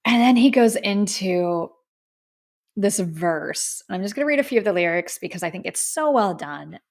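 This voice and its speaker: Creaky-voiced woman hosting a podcast. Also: medium pitch, animated, moderate pace, darkish tone. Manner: effusive and heartfelt, often says "like". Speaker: podcast host. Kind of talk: casual music review podcast.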